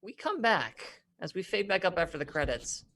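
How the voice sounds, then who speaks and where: A man's voice: sits high, big pitch swings, moderate pace, creaky, pushed and bright. A man narrating as game master of a tabletop game, rambling with many fillers and frequent laughs.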